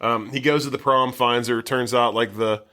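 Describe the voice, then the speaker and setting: A man on a podcast walking through a movie's plot in a loose, rambling way. He swears freely and fills his sentences with "like" as he goes. His voice sits at an ordinary, middle pitch. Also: steady tone, normal speed, bright, forceful tone. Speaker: podcast co-host. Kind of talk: casual movie recap chat.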